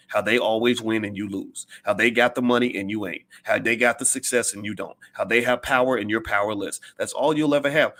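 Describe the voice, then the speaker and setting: A man's voice: on the low side, fairly bright tone. A middle-aged man giving an impassioned, preachy monologue as a commentator, hammering his points with repetition.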